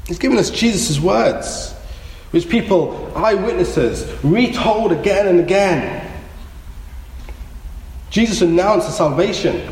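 A man's voice: high-pitched, expressive, slow, pauses often, a little mellow. A man preaching a sermon, earnest and exhorting, repeating his key phrases. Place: church. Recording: echoey church hall, faint noise.

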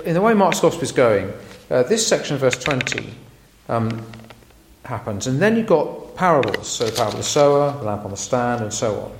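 A man preaches in an animated voice that rises and falls for emphasis. His voice has a gravelly edge, and the room rings with echo. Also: mid-range voice, background noise. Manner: lively, emphatic, frequent ums. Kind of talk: sermon. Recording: echoey room.

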